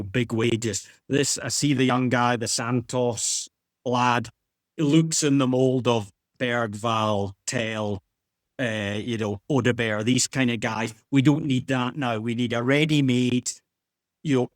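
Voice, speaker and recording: A man's voice: mid-range voice, no echo. Guy on a footy podcast, pushy, keeps restarting, dry mic. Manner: insistent, repeats and restarts. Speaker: podcast co-host. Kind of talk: casual football chat.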